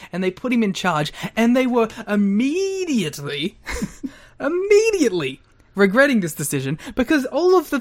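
A man co-hosting a wrestling podcast in casual chat, animated and often laughing, with some swearing. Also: high voice. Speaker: podcast co-host.

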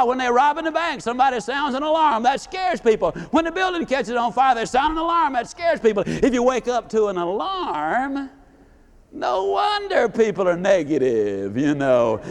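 A man giving a live motivational speech, telling folksy stories and putting questions to his audience. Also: extremely high pitch. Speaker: motivational speaker.

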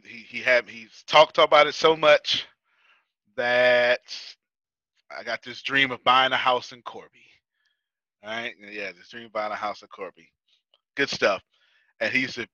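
A man's voice: medium pitch, bright, forceful tone, dry recording, highs cut off. Chatty laughing man. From United States. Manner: chatty, laughs often, repeats himself. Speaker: business class host. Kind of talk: casual lecture to a class. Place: Houston.

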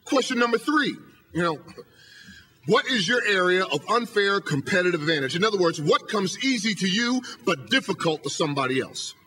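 Husky, high-voiced man preaching excellence. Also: very animated, fairly quick, bright, forceful tone, faint music behind. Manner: emphatic, hammering rhetorical questions. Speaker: motivational speaker and professor. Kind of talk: motivational speech. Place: lecture hall podium.

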